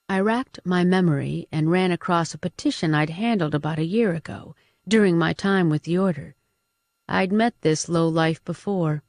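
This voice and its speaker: A woman's voice: lowish voice, darkish tone, dry recording. A woman narrating a first-person audiobook with a dry, wry delivery.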